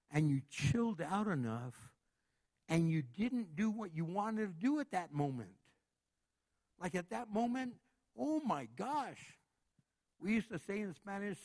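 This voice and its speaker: A man preaching a sermon in a lively, conversational way, acting out little everyday scenes as he goes. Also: high voice. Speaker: pastor.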